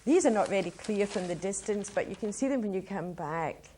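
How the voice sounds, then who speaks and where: A middle-aged Scottish woman presents to an audience at a workshop. Her speaking voice sits at an ordinary mid pitch. She sounds eager and conversational. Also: expressive, brisk, mellow, a little hiss or hum. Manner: enthusiastic, chatty. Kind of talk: public talk to an audience.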